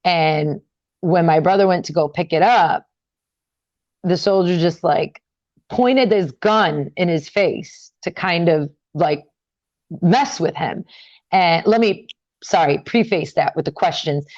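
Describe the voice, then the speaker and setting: A woman's voice: slow, no room sound. Chatty young woman, dry lo-fi sound. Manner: animated, many fillers, rising high when upset. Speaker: interview guest. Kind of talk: casual storytelling.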